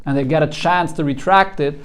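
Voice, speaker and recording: Man teaching a Talmud class, slightly higher voice, earnest, repeats words as he starts. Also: a little fast, smooth. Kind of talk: explaining a text line by line to students.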